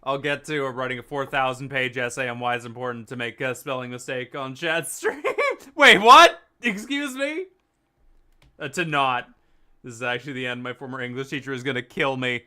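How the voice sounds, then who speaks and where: A man's voice: mid-range voice, flat delivery, fast, bright, forceful tone, smooth. A young man streaming a game, joking and self-mocking in casual commentary. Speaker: gaming streamer.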